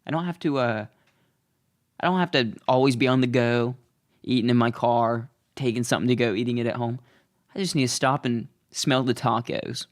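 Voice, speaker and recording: A man's voice: mid-range voice, moderate pace. A young man hosting his own show, talking in a casual, rambling, self-deprecating comedic monologue. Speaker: host.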